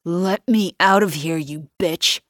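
A woman's voice: on the low side, takes it slowly, a bit bright, no room sound, studio quality. A woman reading an audiobook voices a trapped man who hisses threats, growls and then begs desperately. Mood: menacing.

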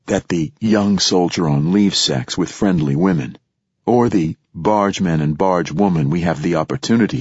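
A man narrating an audiobook in a measured, reflective storytelling manner. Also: deep voice, darkish tone, husky, no echo, muffled recording. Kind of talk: scripted narration.

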